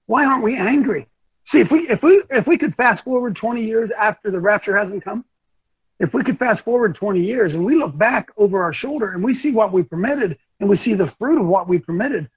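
A man's voice: sits high, husky, no echo, dull audio. An older man hosting a talk show, delivering impassioned, preachy commentary and often repeating himself. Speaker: show host.

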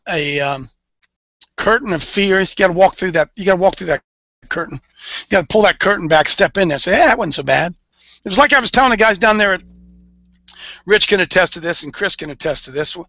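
A man's voice: high voice, pushed and bright, no echo, poor audio. A man leading an informal sermon for a men's group, folksy and emphatic, repeating his key phrases for weight. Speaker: men's ministry leader.

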